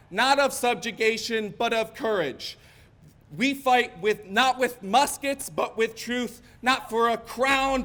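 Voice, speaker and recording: A young man giving an impassioned, declamatory rally speech outdoors, building to shouted lines. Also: extremely high pitch. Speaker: rally speaker.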